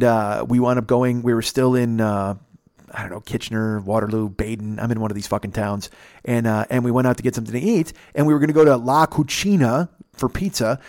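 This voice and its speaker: A man's voice: medium pitch, darkish tone. A man hosting a podcast tells a story in a laid-back, rambling way, swearing freely. His voice sits in a middle range. The sound is dry and close, with no room echo. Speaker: podcast host. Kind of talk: casual storytelling.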